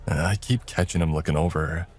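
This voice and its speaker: A dry, watchful young man with a wry way of speaking, voiced by the male narrator in close to his own voice. It is very deep, with faint music behind the storybook. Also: moderate pace, a little mellow, slightly rough.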